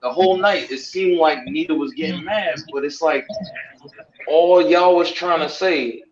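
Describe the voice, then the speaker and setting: A man's voice: on the high side, measured pace, slight background noise. A man hosting a casual chat, earnestly pressing his point on a video call. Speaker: host. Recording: muffled, roomy.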